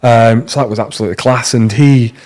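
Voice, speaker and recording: A young British man, a podcast guest, telling stories in a casual, slangy, animated way. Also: medium pitch, fairly quick. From Britain. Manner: animated, slangy, acts out dialogue in lively bursts. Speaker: podcast guest, tattoo artist. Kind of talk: casual storytelling.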